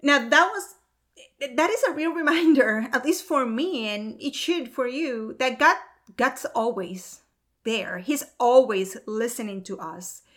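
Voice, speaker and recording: A woman's voice: fairly high pitch, measured pace. A young adult woman and mother of two, telling a personal faith story in an earnest, emotional way that is often broken by laughter.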